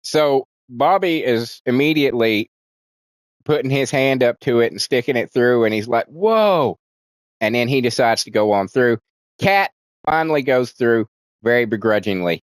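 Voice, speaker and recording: A man's voice: medium pitch, normal speed, clean tone, dry recording. Profane, rambling male movie reviewer. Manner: profane, rambling, frequent restarts, animated voices for quotes. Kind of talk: casual spoken movie recap.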